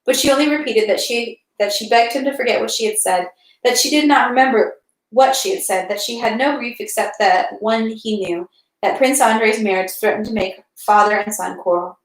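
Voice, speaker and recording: A woman reading a classic novel aloud in a steady, clear storytelling manner, in an echoey room. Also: on the high side, normal speed. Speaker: reader.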